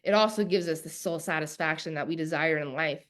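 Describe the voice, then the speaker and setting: A woman's voice: low voice, brisk. A woman coach teaching a live online masterclass in an emphatic, preacher-like cadence, repeating key phrases and talking straight to her viewers. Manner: talks directly to viewers.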